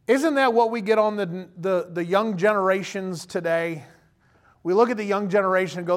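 A man in his thirties delivers a sermon in a loose, conversational way, his voice sitting high for a man. He keeps breaking into little acted-out voices of the people he quotes. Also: lively intonation, normal speed. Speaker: pastor.

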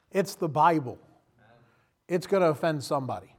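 Man, preacher, sermon, fairly high pitch, emphatic, questions the congregation. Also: brisk. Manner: animated, emphatic, rises to loud bursts; direct questions to the listener.

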